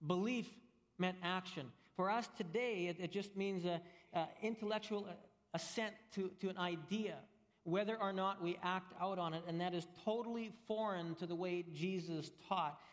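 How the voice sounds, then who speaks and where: A pastor delivers an earnest sermon, hammering key points through repetition. His voice sits high for a man. The sound carries a long reverb through a large church hall. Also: normal speed.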